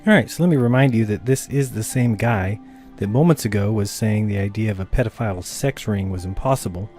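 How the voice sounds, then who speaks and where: A man's voice: on the low side, fairly quick, darkish tone, faint music behind. A man giving dry, wry voice-over commentary between clips. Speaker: channel host commenting on a clip.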